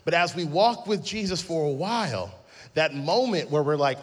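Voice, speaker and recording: A male pastor in his thirties preaching a sermon. He tells stories with plenty of humor and acts out the quotes. His voice sits fairly high and swings a lot. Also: moderate pace. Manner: lively storytelling with acted-out quotes and humor.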